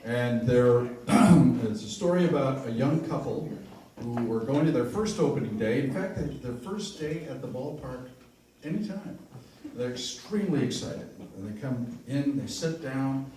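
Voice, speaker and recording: A man's voice: medium pitch, animated, measured pace, warm tone. A man, a guest comedian, telling a story joke to a live audience and acting out the characters' voices. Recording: echoey live room from far off with faint noise.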